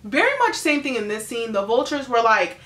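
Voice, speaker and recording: A woman with a voice on the high side sums up a movie she's just watched, chatty and filled with fillers. She animatedly acts out the characters in brief impressions, and the recording carries the sound of an echoey room.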